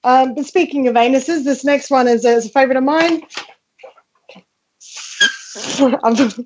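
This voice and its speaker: A young woman talks through a comic show-and-tell over a video call from her front room, a little high in pitch. She is chatty and self-mocking, full of ums and restarts. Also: takes it slowly, noisy background. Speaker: comedian guest. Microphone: video call from home.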